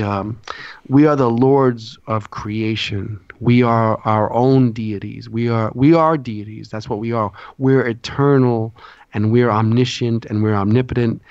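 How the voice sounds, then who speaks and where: A man's voice: medium pitch, clear, resonant tone, no room sound. Lecturing man on a dull line. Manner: lecturing, often checks in with "okay?". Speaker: guest. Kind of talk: explaining esoteric symbolism in a podcast interview.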